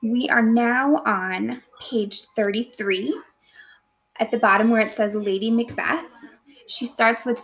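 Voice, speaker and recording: A woman's voice: on the high side, a little slow, poor audio. A woman teacher in a recorded lesson, speaking playfully to her students and asking them guiding questions.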